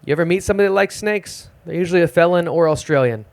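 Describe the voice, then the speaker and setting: Young guy doing dry self-deprecating standup at an open mic, kinda high voice, live club mic. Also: racing. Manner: deadpan, self-deprecating delivery. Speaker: stand-up comedian. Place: small live music club stage.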